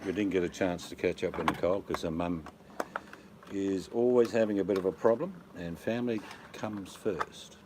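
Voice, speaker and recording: A rambling, joking man with a very deep voice tells travel stories in a relaxed chat. A faint hiss sits under the recording. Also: normal speed. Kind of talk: casual chat.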